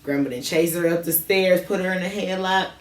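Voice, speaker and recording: A woman's voice: fairly low pitch, brisk, far from the mic. A woman co-hosting a casual late-night chat while smoking, telling childhood stories in a laid-back, slangy way. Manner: laid-back storytelling, lots of slang and laughter. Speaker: podcast co-host. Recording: echoey room, off-mic, faint noise.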